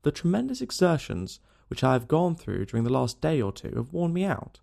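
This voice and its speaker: Pompous boastful detective voiced by a man, raised pitch, lively swooping delivery, gravelly edge. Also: fairly quick, heavily acted. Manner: pompous, self-satisfied, excitable. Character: pompous boastful middle-aged male police detective. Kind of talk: audiobook character voice.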